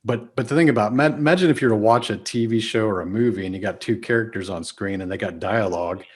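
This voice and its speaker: A man with a Texas accent talks fast in a lowish voice with a breathy edge. He's a podcast guest and business speaker, speaking casually and emphatically while often changing his speed and volume.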